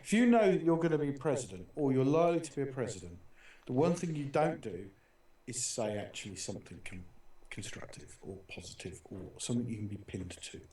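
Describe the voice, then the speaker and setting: A man's voice: medium pitch, very animated, fairly quick, hardly any pauses, dark tone. Hesitant man with an echoey, distant sound. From outside the United States. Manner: hesitant, many restarts and fillers. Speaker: talk show co-host. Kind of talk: casual chat over a call. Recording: echoey room, far from the mic.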